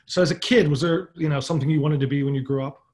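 A man's voice: fairly high pitch, racing. A man hosting a podcast, reading an upbeat scripted introduction and then chatting casually with his guest. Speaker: podcast host.

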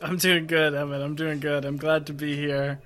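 A man's voice: a little high, little pitch movement, moderate pace, a bit bright. A man co-hosting a podcast, talking in a jokey, teasing way. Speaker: podcast co-host. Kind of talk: casual podcast chat.

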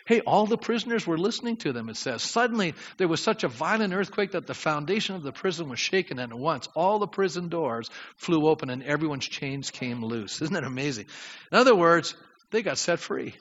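A man preaching a sermon as pastor, lively and questioning his congregation. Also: on the high side, fairly quick. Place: church sanctuary. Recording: dull sound with long hall reverb.

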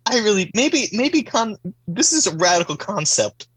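Wry, fairly high-voiced male podcaster. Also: sing-song, moderate pace, fairly bright tone, husky, no echo. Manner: hesitant, self-correcting, wry. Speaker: improv podcast co-host. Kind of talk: casual comedic banter.

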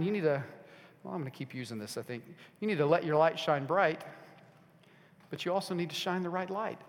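A man preaching a sermon, emphatic and repetitive, sometimes dropping to a soft, intimate tone. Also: fairly high pitch. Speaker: pastor. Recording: long hall reverb.

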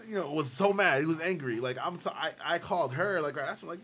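A man's voice: a little high, fast, slight background noise. A man hosting a casual podcast chat, telling a story with lots of laughter and acting out the quoted people. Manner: animated storyteller, acts out quoted voices, laughs often. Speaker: host. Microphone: live stream recording.

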